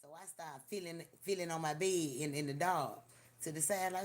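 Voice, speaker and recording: An older person hosting a live stream, telling stories in an animated, profane way and talking straight to viewers. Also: mid-range voice, a little fast. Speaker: livestream host. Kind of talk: casual live-stream storytelling.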